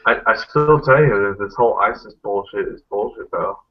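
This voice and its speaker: A man's voice: lowish voice, moderate pace, slight background noise. A man hosting a casual group video chat, rambling and blunt, swearing freely. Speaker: hangout host. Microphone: video call. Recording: tinny phone-like audio.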